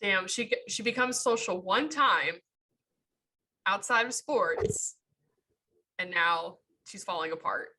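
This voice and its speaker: A woman with a bright, forceful voice chats as a podcast co-host. She is animated and joking and laughs often. Her pitch sits in the middle range. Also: slow, pauses often, slight background noise, rough recording. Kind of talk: casual chat.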